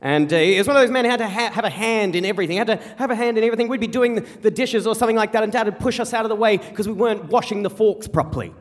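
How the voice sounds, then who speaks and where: A young Australian man from rural South Australia telling a funny personal story on stage, animated and self-mocking, repeating himself as he rushes. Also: high voice, in a large hall. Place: stage before an audience.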